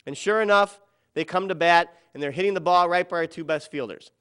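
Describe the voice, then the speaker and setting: His voice high-pitched and smooth, and his pace a little fast, a middle-aged man relives a children's ball game from his own experience, theatrically voicing other people's words more quietly or more loudly.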